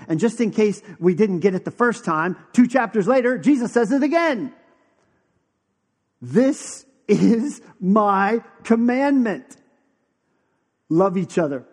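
A man preaching a sermon as pastor, conversational, dropping to a hushed, slow emphasis on key phrases. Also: sits high, slightly rough, big-room sound.

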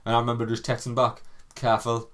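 Sweary podcast bloke. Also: male voice, mid-range voice, moderate pace, very noisy. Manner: sweary, jokey, rambling. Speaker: podcast co-host. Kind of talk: casual banter.

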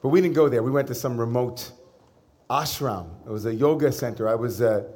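A man, a rabbi, giving a sermon to a congregation, telling a personal story in a casual, humorous way with pauses and fillers. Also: mid-range voice, a little mellow. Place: synagogue service before a congregation.

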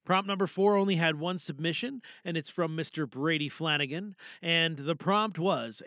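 A man hosting an audio theatre podcast from his booth, chatty and quick with his asides. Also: a little high, no echo. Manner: chatty, rushes through asides, trails off quietly. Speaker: podcast host. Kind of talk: casual show hosting. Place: home recording booth.

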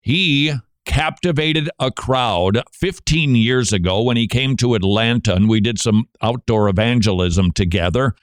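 A man hosting a Christian radio show, introducing a clip with quick asides and laughter. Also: mid-range voice, no room sound. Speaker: radio host.

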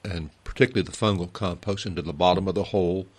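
A man's voice: deep voice, fast talker, darkish tone. A man giving practical gardening advice on a call-in radio show in a folksy way. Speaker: gardening expert guest. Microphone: studio microphone.

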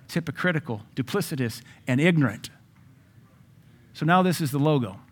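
A man preaching a sermon in an emphatic, conversational way, with asides to his listeners and sudden loud rises. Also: a little high, expressive, brisk, slightly rough. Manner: jokes and asides to the audience.

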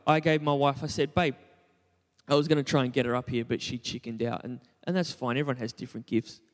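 A fast-talking young pastor with a mid-range, steady voice delivers a conversational sermon in a big, echoing space. He makes fun of himself and keeps asking the congregation questions.

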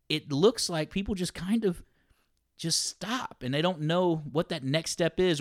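A man, co-hosting a casual podcast and telling stories with lots of laughter. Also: mid-range voice. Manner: animated storyteller, laughs often. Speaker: podcast co-host. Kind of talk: casual chat.

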